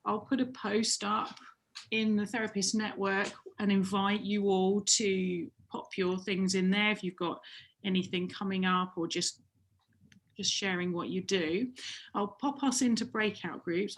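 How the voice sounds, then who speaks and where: A woman's voice: mid-range voice, steady tone, a little slow. A woman hosting an online meeting. She thanks the speaker and gives friendly, practical instructions. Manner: friendly, practical, announces the next steps. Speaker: meeting host. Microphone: video call.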